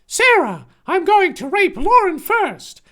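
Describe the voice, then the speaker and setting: A cruel villainess in a shrill, mocking falsetto, as a man reading aloud puts her on. Her voice sits very high and leaps around wildly as she gloats. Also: very animated, takes it slowly, a bit bright, exaggerated voice. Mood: gloating.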